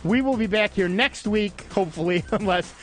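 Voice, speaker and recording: A man's voice: high voice, moderate pace, fairly bright tone, soft background music. Middle-aged male radio host, chatty. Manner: chatty storyteller, laughs often, self-deprecating. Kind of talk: casual on-air chat. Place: radio studio. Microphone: studio microphone.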